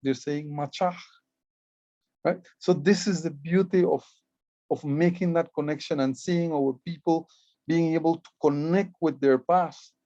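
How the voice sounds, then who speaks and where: Man, belizean accent, presentation on glyphs, earnest, repeats words, slightly high voice, dull dry recording. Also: steady tone, a little slow, mellow, no room sound. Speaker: Maya writing club educator and guide. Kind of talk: presentation explaining hieroglyphs.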